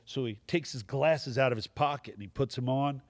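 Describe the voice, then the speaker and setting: A male stand-up comedian telling animated anecdotes as a podcast guest. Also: mid-range voice, fairly quick, no echo. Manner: animated anecdotes with acted quotes. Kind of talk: storytelling in podcast chat.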